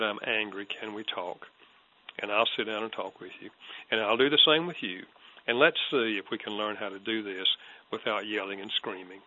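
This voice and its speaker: An older man, a guest counselor, answering an interview question with an earnest, reflective personal story. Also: lowish voice. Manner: earnest, reflective, soft-spoken. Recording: dull lo-fi audio.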